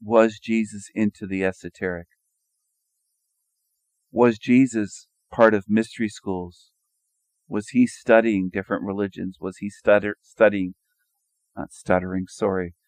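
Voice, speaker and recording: A man with a low, gravelly voice talks through a sarcastic monologue, asking question after question and repeating himself. The sound is dry and close, with no room around it. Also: darkish tone, no room sound. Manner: rhetorical questioning, mocking, repetitive. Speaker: video commentator. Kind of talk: sarcastic monologue over images.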